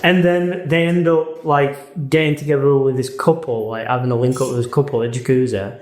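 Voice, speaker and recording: Animated man retelling stories. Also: mid-range voice, a little fast, slight background noise. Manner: animated, retells scenes, mimics people, swears freely. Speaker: podcast co-host. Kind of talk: casual chat. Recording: echoey room.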